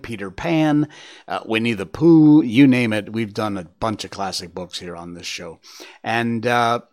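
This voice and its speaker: A man hosting a show, chatting casually with fillers before reading a classic storybook aloud. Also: medium pitch. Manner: relaxed, chatty, with fillers and trailing off. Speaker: host reading a book aloud. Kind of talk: casual chat and storybook narration.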